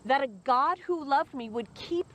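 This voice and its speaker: A woman's voice: high voice, expressive, unhurried, a crowd in the background. An actress playing a grieving mother in the afterlife who speaks with emotional, pleading defiance in a film drama. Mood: indignant.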